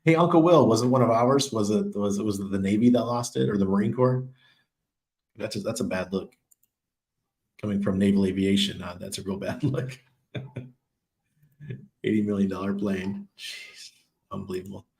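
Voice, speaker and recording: A man's voice: on the low side, steady tone, moderate pace, vocal fry, pauses often, a little mellow. Chatty man streaming in an echoey room. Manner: loose, chatty, laughs often, trails off with ums. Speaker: crypto livestream host. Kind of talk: casual livestream chat reading viewer comments.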